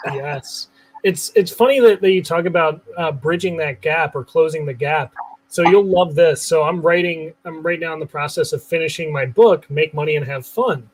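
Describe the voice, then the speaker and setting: A man's voice: on the high side, normal speed, a little hiss or hum, rough recording. A man hosting an interview podcast, enthusiastic and often repeating his first words. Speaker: show host.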